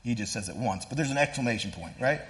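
A man preaching a sermon in a relaxed, conversational way, full of "like" and "kinda", and acting out the scripture quotes with feeling. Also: mid-range voice, fast talker. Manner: casual, animated preaching with fillers like "kinda" and "like"; voices scripture quotes with rising intensity. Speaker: pastor.

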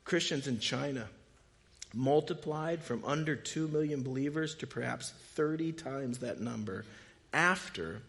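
A man preaching a sermon as pastor, moving from quiet conversational asides to loud, impassioned rhetorical questions. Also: medium pitch.

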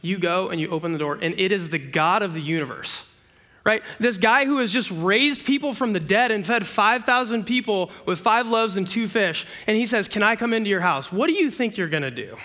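A young man preaching a sermon to a student ministry, conversational and full of rhetorical questions, acting out everyday scenes with bursts of excitement. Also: sits high, normal speed.

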